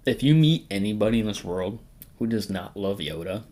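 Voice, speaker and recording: A man's voice: lowish voice, lively intonation, normal speed, dark tone. A man hosting a casual tier-list ranking, talking in a rambling, jokey way, swearing often and sometimes trailing off into mumbles and whispers. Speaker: host.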